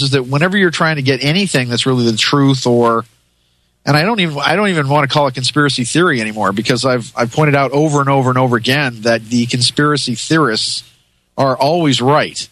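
A man's voice: mid-range voice, quick pace, fairly bright tone, no room sound, poor audio. A man as a talk show guest, rambling with many restarts in a chummy way. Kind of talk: casual interview chat.

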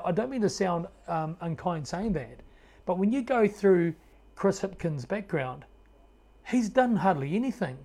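A man with a New Zealand accent delivering a sarcastic, indignant rant to camera. His voice sits a little higher than most men's. He talks as if addressing his regular viewers. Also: dark tone. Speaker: political commentator. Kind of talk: opinionated video commentary.

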